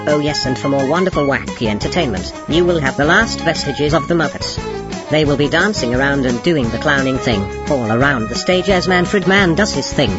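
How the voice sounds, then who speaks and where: A man's voice: fairly high pitch, animated, a little fast, dull audio, over music. A man doing a comedic announcer bit in a campy, mock-enthusiastic way.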